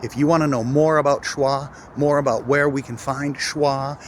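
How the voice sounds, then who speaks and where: Male pronunciation coach, mid-pitched, emphatic drill delivery, faint street noise behind. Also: steady tone. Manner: emphatic, demonstrative, repeats words slowly for drills. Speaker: English pronunciation teacher. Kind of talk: casual video lesson.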